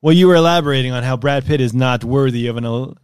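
A man's voice: mid-range voice, fast, a little mellow. A man co-hosting a podcast, chatting casually with a teasing, laid-back manner. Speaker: podcast co-host. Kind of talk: casual chat.

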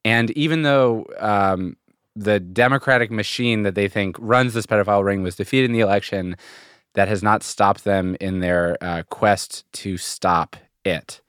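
A man with a fairly low voice, explaining things in easy, joking banter as a podcast co-host. His self-deprecating tone comes through in a dry, close studio sound. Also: unhurried, fairly bright tone, clean tone, no echo. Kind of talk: casual banter.

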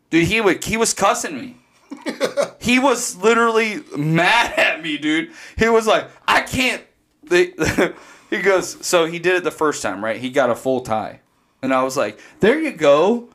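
Podcast co-host, man, 30s, animated storyteller, salty language. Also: a little high. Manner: animated storytelling, swears freely. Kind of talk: casual podcast chat.

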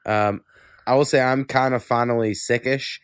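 A man's voice: medium pitch, fairly even intonation, moderate pace, clean tone, no echo, clean studio sound. A man hosting a podcast, talking in casual chat, rambling and swearing freely while congested with a cold. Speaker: podcast host.

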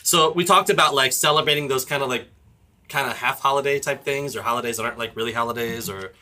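A man's voice: medium pitch, fast, sharp tone. A man who is a pastor, co-hosting a podcast in casual, joking chat and rambling with many fillers.

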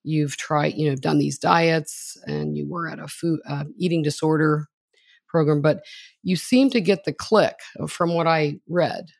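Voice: mid-range voice, fairly even intonation, unhurried, gravelly, dry recording. A podcast host introducing a guest and asking questions in a chatty, admiring, conversational way.

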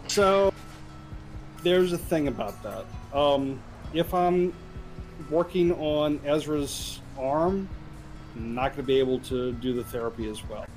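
A man's voice: a little high, measured pace, darkish tone, faint music behind, low-quality recording. Matter-of-fact man in a tabletop game. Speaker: player. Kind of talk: casual tabletop play.

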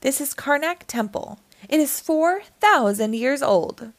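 A woman's voice: high-pitched, expressive, unhurried, no room sound, pitched above the performer's own voice. A kindly, cheerful old Santa who speaks with a smile and patiently shows children the world, as a woman reader puts him on. His lines rise and fall with plenty of life. The recording is dry and close. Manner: warm, smiling, gently explaining.

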